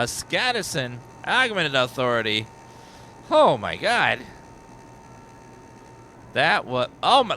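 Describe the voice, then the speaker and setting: Excitable male game streamer, bright and lively. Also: mid-range voice, slight background noise. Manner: excitable, rapid-fire reading of viewer names. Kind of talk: live gameplay commentary.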